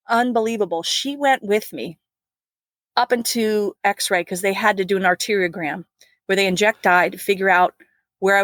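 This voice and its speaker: A woman's voice: mid-range voice, fairly bright tone, dry recording. A middle-aged woman, a flight nurse, earnestly recounting a personal ordeal in an interview, with laughs and restarts.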